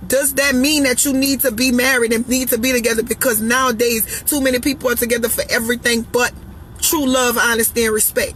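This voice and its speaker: A woman's voice: on the high side, level tone, fairly quick, fairly bright tone, faint music behind, rough recording. A woman speaking her mind in a casual monologue, blunt and sassy, hammering her points by repeating them. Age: adult, parent of children. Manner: emphatic, preachy, repeating lines for effect. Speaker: vlogger giving relationship opinions.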